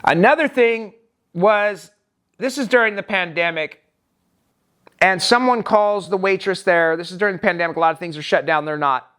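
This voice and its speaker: Vlogger, male, high register; emphatic, rambling first-person storytelling with restarts. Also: moderate pace, a bit bright, clean tone.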